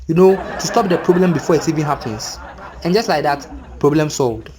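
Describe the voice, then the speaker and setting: A young Ghanaian man with a Ghanaian accent telling a comic story, animated and exclaiming, with laughing asides. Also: on the high side, a little fast. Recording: crowd chatter and noise behind.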